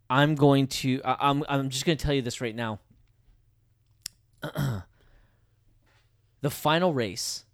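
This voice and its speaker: A man's voice: medium pitch, dry recording, studio quality. Enthusiastic man, casual podcast chat. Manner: enthusiastic, swears casually, gets loud when excited. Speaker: podcast co-host.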